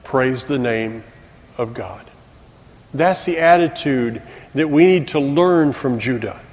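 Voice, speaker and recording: A man's voice: mid-range voice, slow pace, a little mellow. A middle-aged man preaching a sermon as a teacher, with folksy joking asides to the congregation. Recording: long hall reverb.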